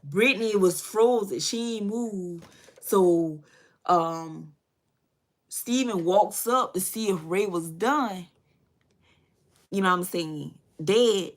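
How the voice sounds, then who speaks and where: A woman's voice: mid-range voice, slow, long pauses. Chatty woman telling a story. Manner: loose and chatty, many fillers and asides. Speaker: beauty vlogger. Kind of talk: casual storytelling while doing makeup.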